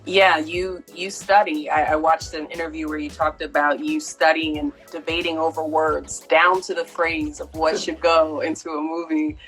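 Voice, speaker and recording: A woman's voice: sits low, little pitch movement, moderate pace, hardly any pauses, fairly bright tone, soft background music, poor audio. A woman interviewing a guest and asking him probing questions in an earnest way.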